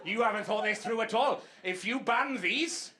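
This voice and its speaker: A man's voice: high-pitched, moderate pace, close to an everyday voice. A man voicing a woman who sells artificial lawns, insistently objecting, on a live comedy recording with a noisy crowd. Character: indignant woman selling fake lawns.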